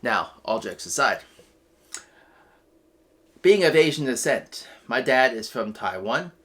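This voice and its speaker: An earnest man hosts a web show's news segment with impassioned commentary. He talks slowly and deliberately. His pitch rises and falls a lot, and he breaks into loud, emphatic outbursts. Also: sing-song. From United States. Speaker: host of a weekly web show news segment.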